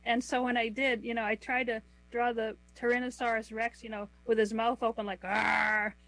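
A woman in middle age talks through her work as an interview guest, her voice sitting a little high for a woman. She explains patiently and takes things one at a time, slowing down when she lists items. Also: level tone, a bit bright, dry recording, poor audio. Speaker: author and guest. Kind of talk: conversational interview answers.

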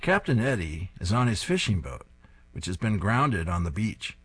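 Husky man reading comic strips aloud. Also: lowish voice, sing-song, moderate pace, a bit bright. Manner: descriptive, amused.

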